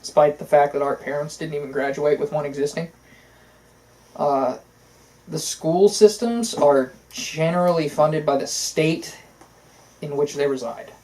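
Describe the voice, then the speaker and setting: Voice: medium pitch, measured pace, a little mellow, poor audio. A co-host in casual political chat, opinionated and talking in long runs with frequent fillers. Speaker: podcast co-host.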